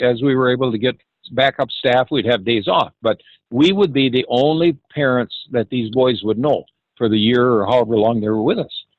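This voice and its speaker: A man's voice: medium pitch, dry recording, highs cut off. A man in his eighties telling an anecdote, with frequent hesitations and acted-out dialogue. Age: 80s. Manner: halting, many hesitations, acts out dialogue. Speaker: ranch founder telling his story. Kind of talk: storytelling anecdote.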